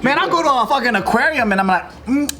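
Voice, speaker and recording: High, lively man cracking jokes. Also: rapid-fire, a little hiss or hum. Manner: animated, swearing, laughing often. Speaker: podcast co-host. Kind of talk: casual banter.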